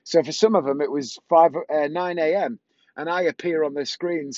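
A man's voice: on the high side, normal speed, a little mellow, no room sound. A middle-aged man from England, a magician chatting casually in a vlog, rambling and correcting himself as he goes. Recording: dull lo-fi dry sound.

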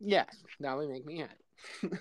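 A man's voice: on the high side, animated, normal speed, no room sound. A man co-hosting a podcast, chatting casually, laughing often and swearing freely. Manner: laughing, swearing, loose storytelling. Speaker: podcast co-host. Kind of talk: casual chat.

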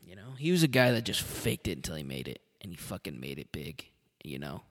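A man's voice: low-pitched, sing-song, brisk, fairly bright tone, big-room sound. A man hosting a solo podcast, rambling casually and swearing a lot. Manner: rambling, profane, with laughs. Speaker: podcast host.

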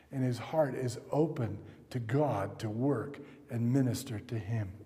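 A man's voice: fairly high pitch, mellow. A man preaching a sermon and leading a fervent closing prayer. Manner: earnest, builds to fervent prayer. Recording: long hall reverb.

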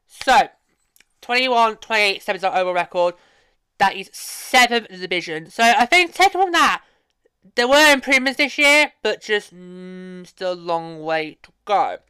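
A woman's voice: medium pitch, moderate pace, bright, forceful tone, clear, resonant tone, no echo. A woman hosting a hockey podcast, talking casually and emotionally, rambling with frequent restarts. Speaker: podcast host.

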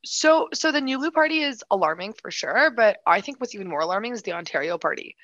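A woman co-hosting a casual political chat, animated and quick, full of restarts and "like". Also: mid-range voice, dry recording, lo-fi sound. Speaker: political commentator, co-host.

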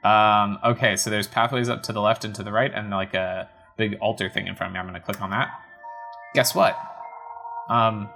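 A man with a fairly low voice talks through a game live on stream, wry and easily amused. He chats casually into a desk mic at home while soft game music plays faintly behind him. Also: little pitch movement, brisk, gravelly, hardly any pauses. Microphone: webcam setup with desk mic.

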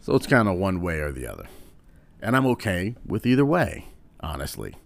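A man giving a casual commentary, rambling a little and filling pauses with "um". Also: low voice, huge pitch swings, vocal fry, no room sound. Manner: rambling, with frequent "um"s.

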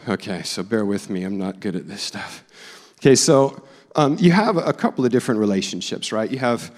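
A man's voice: lowish voice, lively intonation, brisk. A man in his forties, a pastor giving a conversational sermon in a church, joking and self-deprecating as he talks. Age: 40s. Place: church sanctuary. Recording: long reverb of a church hall.

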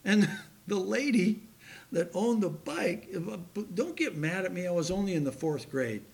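A man's voice: high-pitched, expressive, a little slow. Folksy older man preaching a sermon. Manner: folksy storytelling, self-deprecating humor; laughs at his own story. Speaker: pastor.

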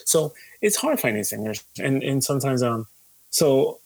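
A musician being interviewed, talking in a loose, rambling way with lots of fillers, swearing and easy laughs. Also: male voice, medium pitch, very animated, moderate pace, creaky, breathy edge. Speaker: musician guest. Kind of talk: casual conversation.

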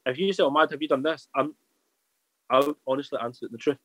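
A podcast guest, a man, talks quickly in a loose, candid ramble, circling back on his own points. His voice is dry and close, with no room around it. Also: fairly high pitch, a bit bright, no echo, low-quality recording. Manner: rambling, candid, restarts a lot. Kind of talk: casual chat.

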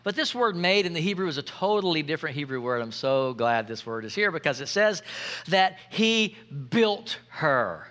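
A male pastor delivers a lively sermon, his voice high and ringing bright. He jokes freely with his congregation and keeps calling out for them to answer him. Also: normal speed. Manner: playful, joking preacher who calls for audience responses.

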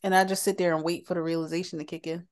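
A woman's voice: fairly low pitch, little pitch movement, racing. A woman in her thirties co-hosting a podcast, chatting casually with teasing, sarcastic banter. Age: 30s. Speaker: podcast co-host. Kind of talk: casual chat.

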